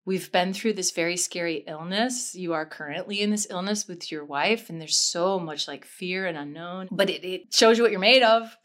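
An improv comedian, a woman, talks openly as an interview guest. She is effusive and laughs at herself. Her energy swings quickly from quiet reflection to bursts of enthusiasm. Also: lowish voice. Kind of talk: candid interview chat.

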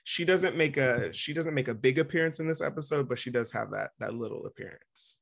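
A man co-hosting a podcast, casually recapping a cartoon episode over a video call, chatty, with quick asides. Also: mid-range voice, creaky, fairly bright tone. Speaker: podcast co-host.

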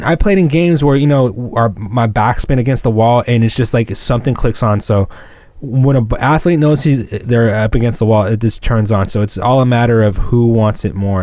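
A man's voice: medium pitch, darkish tone, no room sound. A young man chatting bluntly about baseball on a podcast, swearing and getting heated. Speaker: podcast co-host. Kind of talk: casual sports chat.

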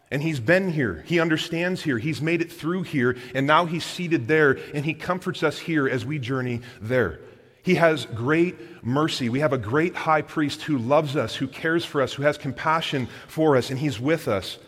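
Preaching man in a reverberant hall. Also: fairly high pitch. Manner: repeats phrases for emphasis, speaks directly to the congregation. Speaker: pastor. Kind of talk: sermon. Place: church hall.

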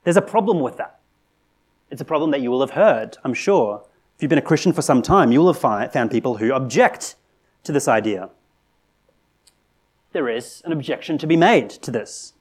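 A man preaching a sermon in a conversational, earnest way, asking rhetorical questions and rising to animated emphasis. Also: medium pitch, normal speed, pauses often, slightly rough. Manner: conversational with frequent restarts and "right?".

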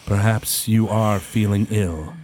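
A man voicing a calm, formal male attendant who politely evades questions. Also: on the low side, a little hiss or hum. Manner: measured, formal.

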